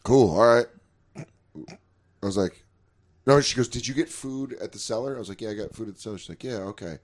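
A man's voice: medium pitch, fairly quick. Swearing man telling stories with flair. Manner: animated, acts out both sides of stories, swears freely. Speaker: comedian podcast host. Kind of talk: casual storytelling chat.

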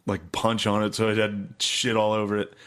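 A man's voice: fairly low pitch, completely flat delivery, moderate pace, fairly bright tone, clear, resonant tone. A young man casually telling stories, laughing often and swearing freely. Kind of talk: casual storytelling chat.

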